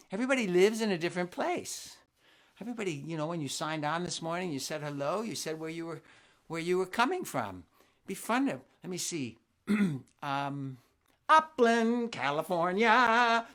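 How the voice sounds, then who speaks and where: A man's voice: a little high, lively intonation, moderate pace. Friendly older male family singer. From New Jersey, USA. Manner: friendly, rambling, thinking aloud. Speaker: children's singer and concert host. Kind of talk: live family concert chat between songs.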